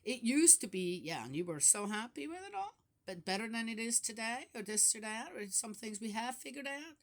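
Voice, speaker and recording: A woman's voice: a little high, expressive, brisk. An older woman hosting a casual Bible commentary, chatting through verses with frequent rhetorical asides and laughs. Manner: laughs often while talking. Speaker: Bible study host.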